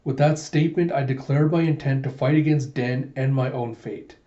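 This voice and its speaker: A sincere young idealist speaks from the heart, as a man reads his lines. The tone is mellow and the recording dull and lo-fi. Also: mid-range voice, normal speed, natural voice. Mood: earnest.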